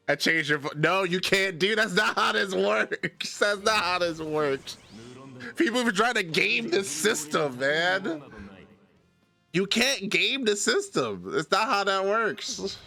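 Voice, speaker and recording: A man's voice: sits high, expressive, slow pace, vocal fry, bright, forceful tone, soft background music. A man streaming live, chatting casually and arguing a point with his chat, addressing viewers by name.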